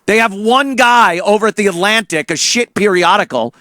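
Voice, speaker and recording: A man's voice: high voice, moderate pace, sharp tone, no room sound. A man hosting a talk show, delivering a heated, profane political rant full of stammered repeats into a studio mic.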